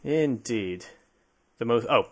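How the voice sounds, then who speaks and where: A man's voice: medium pitch, lively intonation, takes it slowly. A man hosting a podcast, talking casually and conversationally, easily amused. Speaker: podcast host.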